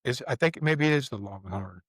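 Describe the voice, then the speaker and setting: A man's voice: mid-range voice, expressive, fairly quick, no room sound. A man in his fifties or older, hosting a podcast, telling long rambling stories in casual chat with swearing and acted-out quotes. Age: 50s or older. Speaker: podcast host.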